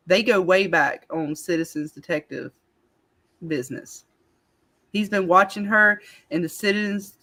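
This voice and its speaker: A woman's voice: medium pitch, fairly bright tone. A woman hosting a casual live-stream chat, rambling and laughing with lots of fillers. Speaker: channel host.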